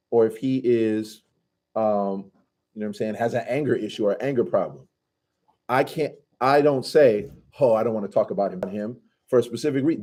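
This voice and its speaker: Mellow-voiced man teaching a class. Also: mid-range voice. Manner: casual, asks the class questions, drops into Arabic recitation. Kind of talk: conversational Quran commentary class.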